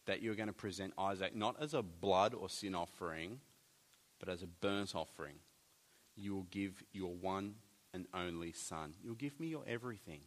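A man preaching a sermon, animated, with jokey asides and big swings between loud and soft. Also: low-pitched. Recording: long hall reverb.

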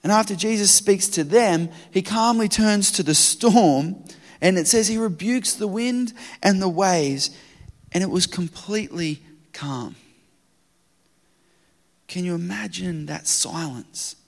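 A man preaching a sermon, swinging between loud urgent retelling and hushed quiet. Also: sits high, slow pace, gravelly. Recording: long hall reverb.

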